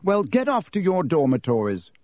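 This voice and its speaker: A man's voice: mid-range voice, sing-song, moderate pace, mellow, slightly rough, no room sound, studio quality. A man doing Percy, a pompous boy prefect. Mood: stiff. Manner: stiff and self-important.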